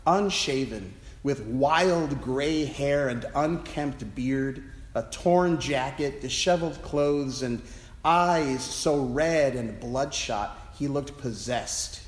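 A man's voice: medium pitch, slow. A man, a priest, preaching a sermon as a self-deprecating personal story, in a church. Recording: echoey church with long reverb.

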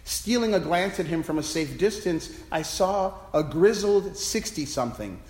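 A man's voice: high-pitched, lively intonation, normal speed, darkish tone. A man, a priest, preaching a sermon as a self-deprecating personal story, in a church. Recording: echoey church with long reverb.

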